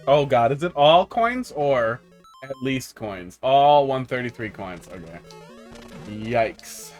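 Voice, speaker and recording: A man's voice: medium pitch, lively intonation, slow, a little mellow, faint music behind. A man from the United States giving casual, joking live-stream commentary on viewer-made game levels, rambling and laughing often.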